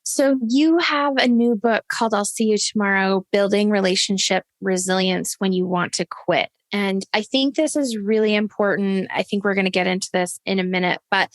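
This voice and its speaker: A woman hosting a podcast, asking measured, thoughtful interview questions. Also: mid-range voice, no echo. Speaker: podcast host.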